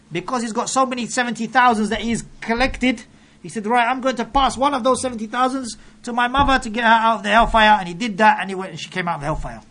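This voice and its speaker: A man preaching a sermon, emphatic and full of rhetorical questions, reciting scripture quickly in between. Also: sits high, a bit bright.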